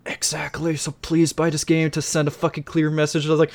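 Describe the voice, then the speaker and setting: Profane, excitable man hosting a podcast. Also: fairly high pitch, fairly quick, creaky, hardly any pauses. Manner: profane, excitable, laughs often. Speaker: podcast co-host. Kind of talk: casual podcast chat.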